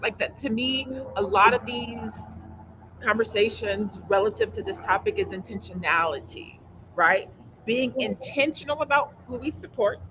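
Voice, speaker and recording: Male panel host, high voice, slight lisp from aligners, earnest, dull lo-fi livestream audio. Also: normal speed, noisy background. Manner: earnest, stumbling over words.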